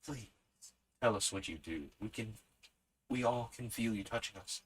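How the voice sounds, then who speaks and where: A grown uncle coaxing a shy spirit in a low, breathy hush, as the narrator voices him. He speaks softly and keeps his voice close to a whisper. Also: normal speed, natural voice, poor audio.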